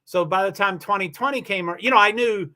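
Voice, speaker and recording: Casting note: high-pitched middle-aged male streamer, rambling, chatty, frequent restarts. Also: a little fast, bright, forceful tone. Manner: rambling, many restarts, laughs while telling stories. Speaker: livestream host reading chat comments. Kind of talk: casual livestream chat.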